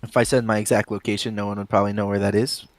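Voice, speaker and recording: Laid-back Texan game caster. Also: male voice, on the low side, little pitch movement, very fast, no room sound, faint music behind. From Texas, Houston area. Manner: laid-back, joking, trailing off with uh and like. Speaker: esports caster. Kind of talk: live game commentary.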